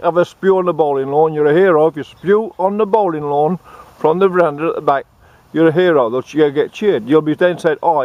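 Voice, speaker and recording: A man with an Australian accent delivering a satirical monologue, giving deadpan, sarcastic mock advice outdoors. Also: on the high side, no room sound, dull audio.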